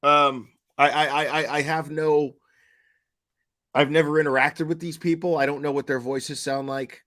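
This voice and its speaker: A man's voice: on the high side, flat delivery, fairly bright tone. Stammering man talking to his stream chat. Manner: halting, stammers and repeats words; questioning, talks to the chat. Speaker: online commentator. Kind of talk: casual livestream commentary.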